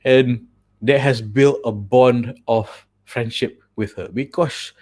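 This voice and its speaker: A man's voice: medium pitch, steady tone, takes it slowly, a little mellow. A man with a Malaysian accent, hosting a casual chat, telling stories chattily, switching languages mid-sentence and laughing often. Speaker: host.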